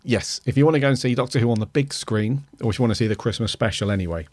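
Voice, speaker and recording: A man hosting a podcast, talking in a measured, hesitant way. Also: medium pitch, a little mellow, dry recording. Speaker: podcast host. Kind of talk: casual chat.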